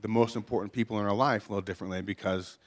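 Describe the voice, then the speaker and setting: A man's voice: on the low side, steady tone, rapid-fire. A man preaching a conversational sermon in a chapel, folksy and joking, with many rhetorical questions. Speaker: pastor. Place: chapel before a congregation.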